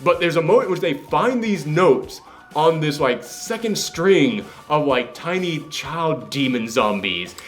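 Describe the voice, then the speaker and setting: Young man, casual film review chat, excitable, animated, slightly high voice, swears casually. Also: measured pace, faint music behind. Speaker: podcast host.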